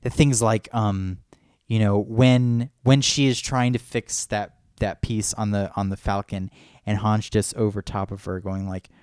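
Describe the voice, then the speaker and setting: Excitable man rambling about movies, dry mic. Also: on the low side, unhurried, smooth, no echo. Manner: enthusiastic, rambling, acts out movie quotes. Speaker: podcast co-host. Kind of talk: casual fan chat.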